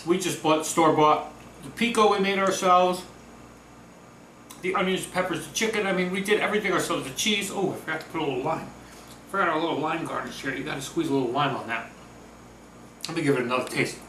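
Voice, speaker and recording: A man's voice: a little high, quick pace, long pauses, bright, forceful tone, recorded from a distance, slight background noise. Chatty man cooking in an echoey kitchen. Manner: chatty, upbeat, talks with mouth full. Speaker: home cooking vlogger. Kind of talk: casual cooking demo. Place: home kitchen. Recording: roomy echo, voice from off-mic. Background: sizzling food on a grill.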